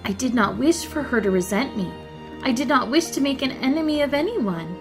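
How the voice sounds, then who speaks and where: A woman reading the lines of an earnest, gentle young girl who speaks softly. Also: high voice, animated, brisk, music in the background.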